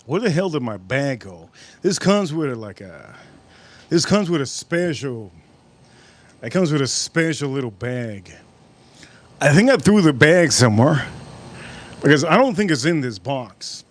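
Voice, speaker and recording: A man hosting a casual livestream, rambling and excitable, repeating himself as he chats. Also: on the high side, unhurried, long pauses. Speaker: livestream host.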